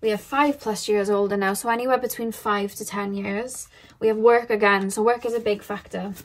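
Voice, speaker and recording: A woman does a casual pick-a-card tarot reading for her viewers, relaxed and chatty, rambling loosely and thinking aloud with many fillers. Her pitch is ordinary middle height, her speed normal, with slight background noise.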